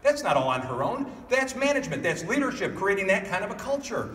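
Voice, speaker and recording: This keynote speaker, a man with a fairly high voice, talks briskly and tells animated stories during his motivational speech, repeatedly posing questions straight to the audience. His voice reaches a far-off microphone in a big conference hall, so the sound is echoey with a lengthy reverb.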